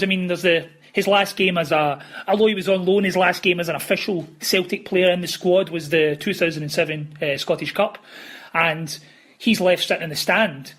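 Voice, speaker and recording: Fast-talking husky man telling stories. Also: sits high, fairly bright tone. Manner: rambling, with many restarts and "you know". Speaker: author guest. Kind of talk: casual podcast interview, storytelling.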